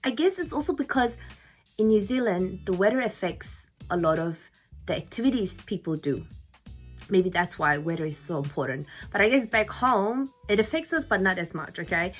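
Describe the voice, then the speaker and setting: A young woman from Nagaland, India, speaking with an Indian English accent, whose first language is Lotha, chatting to camera in an animated, jokey way as a vlogger. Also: medium pitch, moderate pace, slightly rough, soft background music. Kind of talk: casual chat to camera.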